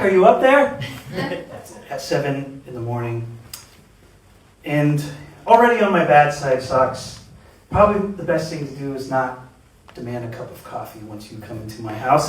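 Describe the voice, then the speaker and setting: A man telling a comic story at a live reading, ranting in exasperation at an absent person and laughing mid-sentence. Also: mid-range voice. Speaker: open-mic storyteller. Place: live reading event, roomy venue. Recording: very echoey room, voice from far off.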